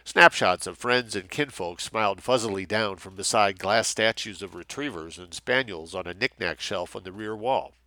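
A man reading a thriller aloud with steady, measured narration. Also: fairly low pitch, no echo. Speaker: audiobook narrator. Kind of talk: scripted narration.

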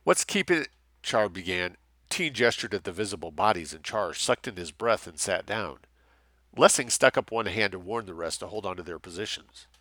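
A man reading a thriller aloud with steady, measured narration. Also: sits low, dry recording. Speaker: audiobook narrator. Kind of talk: scripted narration.

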